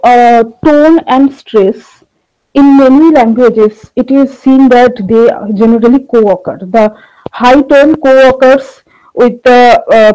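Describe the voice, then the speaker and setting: A woman giving an academic conference presentation on linguistics, talking through her slides in a measured way with frequent filler pauses. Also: fairly high pitch, mellow, low-quality recording. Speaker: linguistics researcher presenting a paper.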